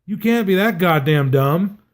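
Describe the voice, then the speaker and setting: A man's voice: sits high, expressive, a little slow. A man from South Carolina ranting about baseball on a podcast, heated and swearing constantly. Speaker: podcast co-host. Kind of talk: profane sports rant.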